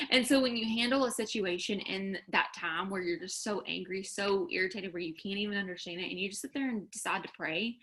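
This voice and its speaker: A woman with a lilt gives a casual faith talk in a bright, forward voice. She speaks candidly and earnestly, pressing her listeners with direct challenges and plenty of "like" and "um.". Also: medium pitch. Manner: candid, earnest, exhorting, with many fillers.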